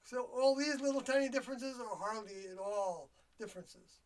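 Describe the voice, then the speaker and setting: An older livestream host speaks in a rambling, reflective solo monologue. The speech is halting, with trailing phrases and pauses while searching for words. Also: medium pitch. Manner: reflective and confiding. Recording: voice a bit distant from the mic.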